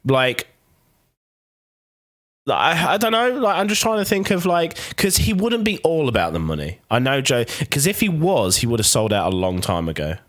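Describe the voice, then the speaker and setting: A man's voice: medium pitch, sing-song, moderate pace, fairly bright tone. A man hosting a podcast, chatting casually and rambling with many restarts. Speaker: podcast host. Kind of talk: casual chat.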